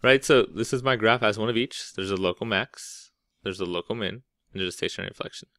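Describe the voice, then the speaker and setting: A man's voice: fairly low pitch, quick pace, bright, forceful tone, no room sound. A man teaching a math lesson, explaining step by step in a casual way and often checking in with "right?". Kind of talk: classroom lecture.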